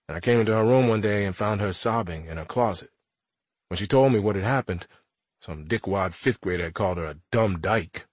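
A man's voice: lowish voice, no room sound. A man narrating an audiobook in the first person as a teenage boy, with a wry, conversational delivery.

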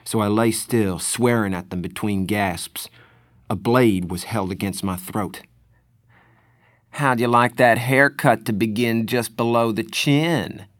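A man narrating a novel in the first person, in a measured, deliberate storytelling manner. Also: fairly low pitch, no echo, studio quality. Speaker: audiobook narrator.

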